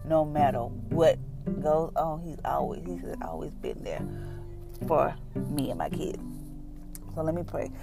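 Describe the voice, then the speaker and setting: A woman's voice: low voice, fairly even intonation, unhurried, creaky, long pauses, loud music behind the voice. A woman, a mother, telling a personal faith story in a casual, conversational way with lots of retold dialogue, ending in an earnest prayer. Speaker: mother sharing a testimony.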